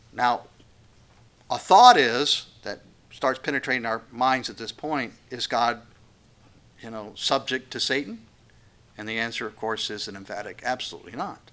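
Male pastor, sermon delivery, earnest and emphatic, bright forceful voice. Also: mid-range voice, normal speed. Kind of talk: expository sermon.

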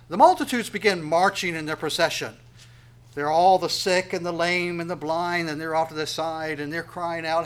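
Slightly high in pitch, this preacher reads scripture aloud at a slow pace before unpacking it in plain, everyday speech. His delivery alternates between forceful, loud passages and soft side remarks.

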